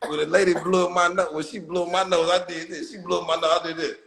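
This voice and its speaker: A man riffing comic bits in casual chat, loudly repeating his setups and breaking into high bursts of laughter. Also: little pitch movement, quick pace, gravelly, heavy background noise. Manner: loud, repetitive joke-building with bursts of high laughter.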